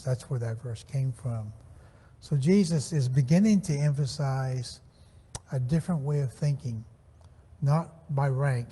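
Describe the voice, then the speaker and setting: Bible class teacher, male, measured delivery, husky tone, long church-hall reverb. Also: medium pitch, warm tone. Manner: measured, slows to stress scripture phrases. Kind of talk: Sunday Bible class lesson.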